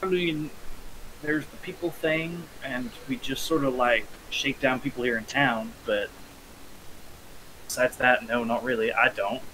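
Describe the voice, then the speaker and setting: A man voicing a young, uneasy male ruffian recruit who talks in a halting, hesitant way. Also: mid-range voice, fairly even intonation, bright, forceful tone, a little hiss or hum, poor audio.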